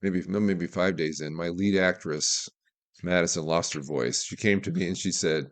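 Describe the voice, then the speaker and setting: At a moderate pace and in a voice that sits low, an Alaskan man appears as a guest filmmaker on a laid-back podcast interview. He talks through anecdotes from behind the scenes, candid and opinionated.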